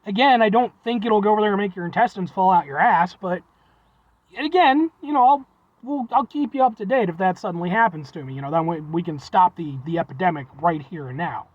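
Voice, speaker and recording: A man's voice: sits high, a little fast, no echo. A young man reviewing food in a rambling, folksy vlog chat, often calling viewers "folks" with playful exaggeration. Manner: playful exaggeration, self-deprecating. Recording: dull lo-fi dry recording.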